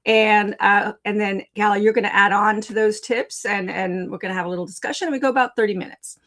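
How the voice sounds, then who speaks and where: A woman's voice: mid-range voice, steady tone, fast, fairly bright tone, rough recording. A woman hosting a live video stream, teaching writing in a casual, chatty way and talking to viewers in the chat. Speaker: writing coach and live show host.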